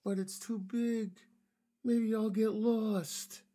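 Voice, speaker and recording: A man's voice: a little high, steady tone, moderate pace, dark tone, pitched above the performer's own voice, close to an everyday voice. A man voicing a timid young dinosaur who is nervous about starting school, in a small worried voice. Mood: scared.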